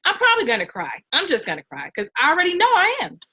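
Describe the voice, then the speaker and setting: Bright-voiced woman host, heartfelt. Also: extremely high pitch, fast talker, poor audio. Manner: heartfelt, animated, mentoring tone. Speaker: host and nonprofit founder. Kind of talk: emotional casual interview.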